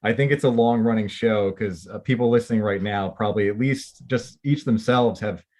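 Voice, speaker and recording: Low-voiced man chatting loosely on a podcast. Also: normal speed, darkish tone. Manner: loose and chatty, many "like" and "you know" fillers. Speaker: company representative guest. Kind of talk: casual podcast chat.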